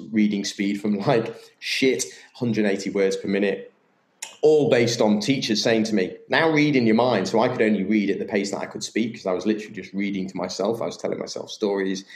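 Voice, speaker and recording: A man's voice: fairly low pitch, a little mellow. A man in casual conversation, candid and enthusiastic, swearing freely. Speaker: podcast guest, yoga business owner. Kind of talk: casual chat. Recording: roomy echo.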